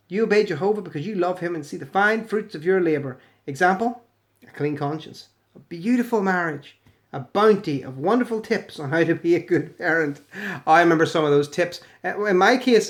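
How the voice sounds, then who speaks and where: A British man runs sarcastic commentary over comments he reads aloud. He mocks each quote with put-on voices and cuts in with swearing and dry jabs. The tone stays scornful and conversational throughout. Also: high voice. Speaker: video commentator.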